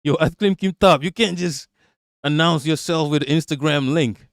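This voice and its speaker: A man whose voice sits on the high side talks at normal speed, with clean studio sound and no room sound. He's a live-stream host giving casual commentary, reacting to news and addressing his chat in a sarcastic, profane manner.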